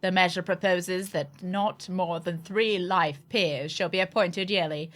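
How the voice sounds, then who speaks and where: A woman's voice: fairly low pitch, fairly even intonation, unhurried, few pauses. Chatty woman streamer reading aloud. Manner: chatty, stumbles and corrects herself mid-sentence. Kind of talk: reading game text aloud with asides.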